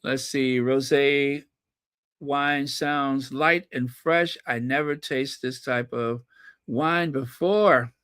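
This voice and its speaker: In a clean studio recording with no room sound, a man hosts a casual solo royal gossip vlog, rambling to viewers and repeating words for emphasis. His mid-range voice is fairly bright and clean, with fairly even intonation, and he takes it slowly.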